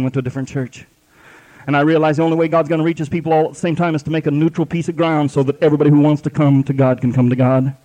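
A man's voice: a little high, a little mellow. A man preaching a sermon at a live church service, fervent and repetitive, with folksy grammar.

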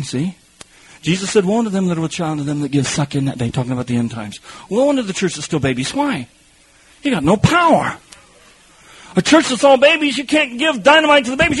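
A man preaching a sermon, telling animated stories with shouted bursts and laughter, his voice husky. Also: extremely high pitch, poor audio.

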